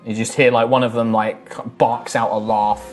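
A man's voice: medium pitch, little pitch movement, normal speed, faint music behind. A man narrating as game master for a tabletop game, describing scenes in a loose, rambling way with many fillers and restarts.

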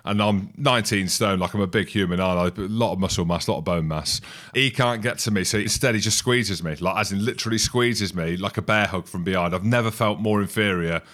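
A man in his forties with a somewhat low voice tells a story in a loose podcast chat. He mocks himself as he goes and keeps breaking into laughter. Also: a little fast, hardly any pauses, a bit bright. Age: 40s. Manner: storytelling, self-mocking, laughs often. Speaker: podcast co-host, former rugby player. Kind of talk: casual chat.

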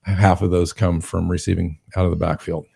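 Gravelly deep-voiced man talking football. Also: level tone, fairly quick, warm tone. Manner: asks questions, cites stats. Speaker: sports podcast co-host. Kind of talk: casual sports chat.

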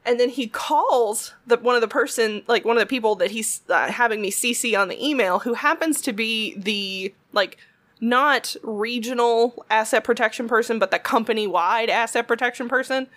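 A woman, a retail worker telling a long story in casual chat, animated and swearing freely as she acts out what people said. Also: fairly high pitch, normal speed.

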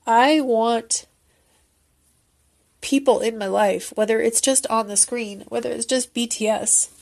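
Woman, casual fan recap, earnest and emotional, a little high, thinks aloud. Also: fairly even intonation, a little slow, creaky. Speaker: fan commentator.

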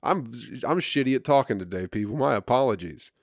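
A male comedian hosts his own podcast in a casual solo monologue, rambling crudely and sarcastically with mock self-importance. His medium-pitched voice is expressive and brisk, with no room sound.

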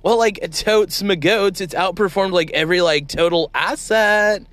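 A man's voice: mid-range voice, expressive, normal speed, no echo, natural voice. A man playing a parody crypto investor who talks in valley-girl slang, saying like and bro constantly. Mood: airheaded. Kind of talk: comedy sketch impression.

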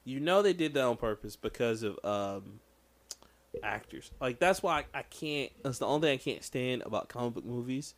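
A man chatting on a podcast about a movie, with a mid-pitched voice that rises and falls a lot. He riffs loosely and swears freely, tossing questions back to his co-host. His pitch sits in the middle for a man. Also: lively intonation, normal speed, dry recording. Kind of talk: casual movie review chat.

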